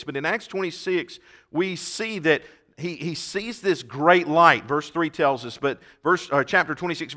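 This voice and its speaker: A male preacher giving a sermon, talking emphatically, swelling loud on key points and repeating words. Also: a little high.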